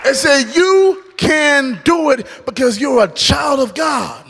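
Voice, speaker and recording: A man giving an animated testimony as a guest speaker at a church, acting out scenes from his story. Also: very high voice, takes it slowly, some chatter behind. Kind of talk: testimony sermon. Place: church hall. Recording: long reverb of a church hall.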